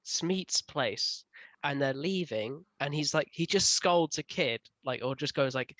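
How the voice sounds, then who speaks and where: A man co-hosting a casual book club review, talking in an animated way with frequent laughs. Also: on the high side, normal speed, no echo. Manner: animated, laughs often, rises loud when ranting.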